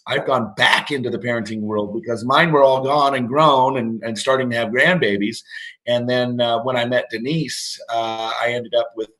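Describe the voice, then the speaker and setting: A man's voice: mid-range voice, a bit bright, low-quality recording. A man in his fifties, a guest on a parenting show, talking casually and rambling with many fillers and restarts. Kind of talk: casual interview talk.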